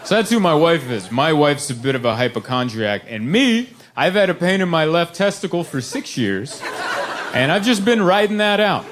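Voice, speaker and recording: A man performing a stand-up comedy set on a club stage, telling stories animatedly and putting on high voices for his wife. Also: very animated, normal speed, a bit bright. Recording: live club recording with crowd noise.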